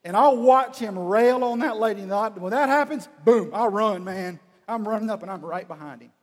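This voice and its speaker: Man, high-pitched voice, humorous storyteller, animated, long hall reverb. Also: normal speed. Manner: animated, acts out dialogue. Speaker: speaker.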